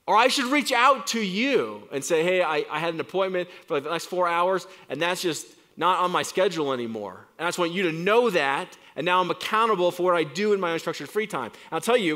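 A man in his forties delivers a sermon, talking to the congregation as if in conversation. His voice is bright and sits a little high for a man. He climbs into loud, emphatic lines, then drops to quiet, low ones. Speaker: pastor.

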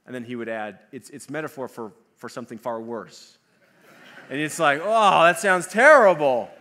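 A man preaching a sermon, animated and acting out the voices of the people he quotes. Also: medium pitch. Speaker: pastor.

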